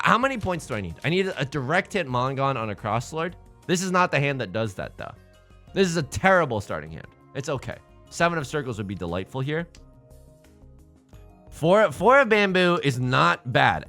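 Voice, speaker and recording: A young man giving casual, rambling commentary as he plays a tile game, excitable and self-deprecating, often repeating his words. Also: mid-range voice, normal speed, faint music behind. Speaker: let's play host.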